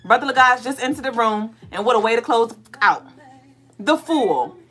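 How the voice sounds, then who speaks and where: Middle-aged woman host, fairly high voice, blunt and preachy, faint music underneath. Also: expressive, moderate pace, a bit bright. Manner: profane, preachy, playful, acts out listeners in mock voices. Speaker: spiritual podcast co-host giving a tarot reading. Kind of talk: casual, blunt spiritual pep talk.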